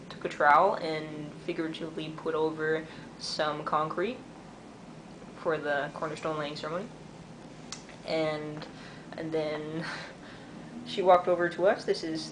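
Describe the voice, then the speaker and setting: A man's voice: on the high side, measured pace, long pauses. Chatty young man, noisy background. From Canada. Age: 20s. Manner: chatty and excitable, many "like" fillers. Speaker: vlogger and artist. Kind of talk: casual video diary.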